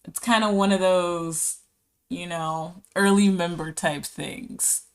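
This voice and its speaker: A woman's voice: lowish voice, steady tone, slow. A woman streamer talking casually with her chat while she draws, reading messages aloud and giggling often.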